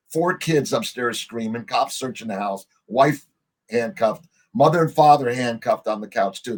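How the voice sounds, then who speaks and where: A middle-aged man, a podcast guest, telling a story in a lively way, acting out the lines of the people in it and swearing casually. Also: medium pitch. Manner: animated storyteller, acts out quoted dialogue, swears casually.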